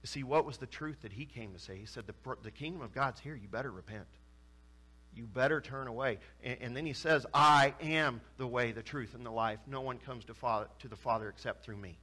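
A man's voice: medium pitch, brisk. A man preaching a sermon, retelling scripture stories and acting out the voices of the people in them. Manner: animated, acts out quoted voices with rising intensity. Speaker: pastor.

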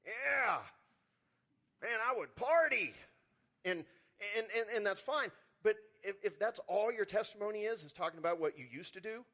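A man preaching a sermon as pastor, animated, swinging from loud emphasis to quiet, low lines and often repeating words as he starts a sentence.

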